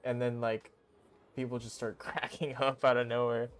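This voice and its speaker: A young man streaming a game, talking casually in a goofy, excitable, rambling way full of slang. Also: medium pitch, moderate pace, clean tone. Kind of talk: casual live-stream commentary.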